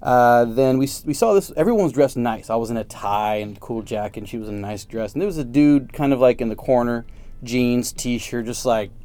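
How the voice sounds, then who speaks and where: A man's voice: mid-range voice, a little fast. A man telling a story in a casual chat, acting out the people in it. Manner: animated, acts out the people in his story.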